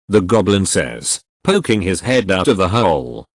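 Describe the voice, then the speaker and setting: A man reading funny text-adventure stories aloud with deadpan punchline delivery. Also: low-pitched, moderate pace, no echo. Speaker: narrator.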